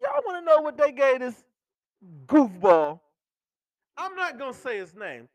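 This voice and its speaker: Guy podcaster ranting about sports, super high voice, all over the place, cussing n laughing. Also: measured pace, no echo. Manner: excitable, swearing, laughing while talking. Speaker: podcast host. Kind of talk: animated sports rant.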